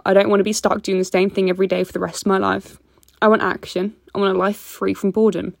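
A woman's voice: medium pitch, a little fast, vocal fry, a bit bright, dry recording, clean studio sound. A woman voicing an eager young man applying for a job over the phone.

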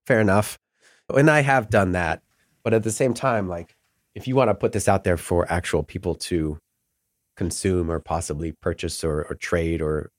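A man's voice: low-pitched, a little mellow, dry recording, clean studio sound. A middle-aged man talking as a podcast guest in casual, rambling chat, often laughing mid-sentence.

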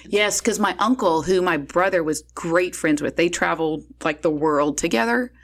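A woman in a casual chat, animatedly telling a family story and acting out what people said. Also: moderate pace. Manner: animated storyteller who acts out quotes with big pitch jumps.

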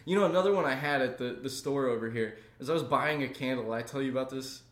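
A man's voice: mid-range voice, quick pace. Laid-back male podcaster in an echoey room. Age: young adult. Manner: animated, laughs while retelling, acts out voices in stories. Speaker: podcast co-host. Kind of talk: casual comedic storytelling.

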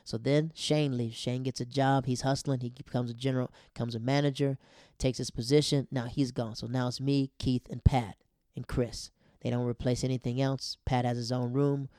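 A man telling a casual, animated story in slangy talk, laughing often as he goes. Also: mid-range voice, moderate pace, clean tone, dry recording, clean studio sound.

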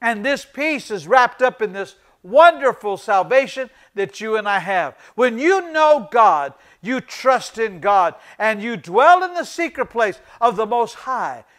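Middle-aged preacher guy, real high voice, keeps hammering the same lines over and over. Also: very animated, measured pace, few pauses. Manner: emphatic, repeats key phrases for emphasis; addresses the congregation as ladies and gentlemen. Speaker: pastor. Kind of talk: sermon.

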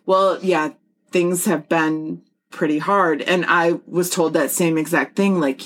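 Middle-aged woman co-host, animated, blunt, laughs easily, swears. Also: on the low side, normal speed. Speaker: podcast co-host. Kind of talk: casual chat.

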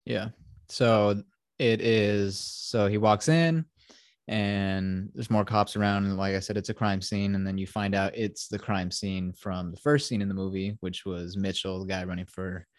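A podcast host with a lowish voice retells a film in a rambling way, packed with fillers and swearing. He speaks at a measured pace with fairly even intonation, and the recording is dry and close.

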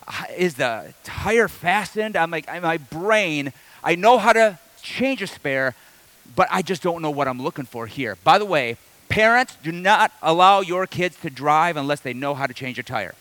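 A man's voice: on the high side, fairly bright tone, no echo. A middle-aged male pastor from the Detroit area, preaching a sermon through a humorous personal story. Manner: storytelling, self-deprecating humor, builds to preaching.

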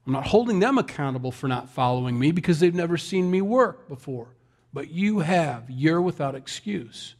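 A man's voice: a little high, animated, normal speed, a little mellow. A man preaching a sermon in a conversational, folksy way, with self-deprecating asides. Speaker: pastor.

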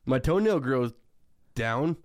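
A man's voice: medium pitch, animated, slow pace. A young man co-hosting a podcast, telling a story casually, swearing a lot and laughing often. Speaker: podcast co-host.

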